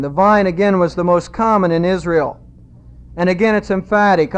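A man preaching a sermon, emphatic and repeating key phrases, slowing down when he quotes scripture. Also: sits high, clear, resonant tone. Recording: dull lo-fi sound.

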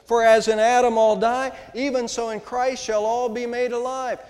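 An older man, a pastor, preaching an Easter sermon in a church, with emphatic rises and slow, stressed words. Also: very high voice, flat delivery, darkish tone. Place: church sanctuary. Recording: long hall reverb.

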